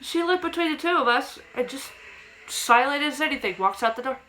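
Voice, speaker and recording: A woman's voice: high voice, animated, brisk, bright, forceful tone, slight background noise, rough recording. A young woman vlogger casually telling a personal ghost story to camera, acting out quotes in a raised childlike voice.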